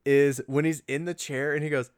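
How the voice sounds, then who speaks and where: A man's voice: fairly high pitch, level tone, a little fast, smooth. A man in casual conversation about a film, analytical, often restarting his sentences and quoting scenes. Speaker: podcast co-host.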